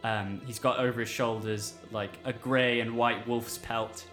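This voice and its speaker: A man's voice: medium pitch, fairly even intonation, unhurried, a bit bright, soft background music. A man running a tabletop game, describing scenes casually with many fillers. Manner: casual, lots of "like" and "um". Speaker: game master.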